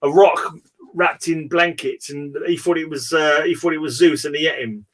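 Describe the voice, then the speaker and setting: A man's voice: fairly high pitch, fairly even intonation, moderate pace. A man hosting a casual online chat, telling stories in a rambling way, with many restarts and fillers and frequent laughter. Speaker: host. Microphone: remote call.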